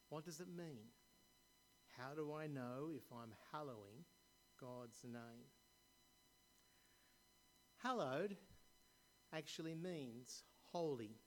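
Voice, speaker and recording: A man preaching a sermon, reading scripture aloud and asking the congregation questions, his voice dropping softly at the ends of verses. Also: mid-range voice, lively intonation, a little hiss or hum. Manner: slow, deliberate preaching with pauses and questions to the congregation. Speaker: pastor.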